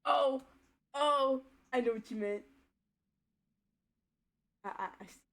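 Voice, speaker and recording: A woman's voice: high-pitched, takes it slowly, vocal fry, fairly bright tone. A woman streaming a game live, chatting casually with her chat and giggling often. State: voice tiring. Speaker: VTuber streamer.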